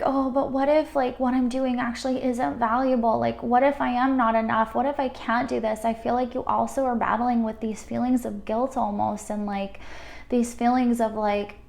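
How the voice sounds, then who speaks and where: A woman reads cards for her viewers in a fairly high voice. She is gentle and affirming, and her talk is full of loose fillers. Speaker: tarot card reader. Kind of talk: pick-a-card spiritual reading.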